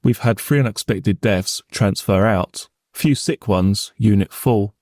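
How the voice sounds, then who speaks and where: A terse, guarded young nurse on the witness stand, read by a man in a courtroom reenactment. The answers come short, flat and low, and her old texts are read out evenly. The sound is close and dry. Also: a little slow, no echo.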